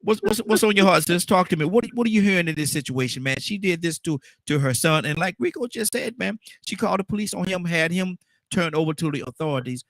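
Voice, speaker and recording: A man's voice: high-pitched, lively intonation, quick pace, fairly bright tone, no echo. A man hosting a call-in talk show, affirming his callers with plenty of agreement. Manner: affirming, lots of "mm-hmm" and "amen". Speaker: radio show host.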